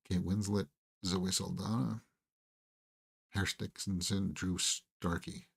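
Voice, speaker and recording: A man's voice: low-pitched, vocal fry, bright, forceful tone, husky. A man who is losing his voice, hosting a casual movie talk stream, rambling with lots of fillers and chuckles. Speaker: host of a movie talk channel. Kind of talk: casual live-stream chat.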